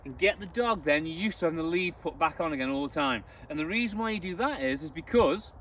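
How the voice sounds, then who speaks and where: A man's voice: a little high, animated, brisk, fairly bright tone. A man working as a dog trainer, giving emphatic, repetitive instructions during an outdoor training demonstration. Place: outdoors, open ground. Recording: distant voice with outdoor noise.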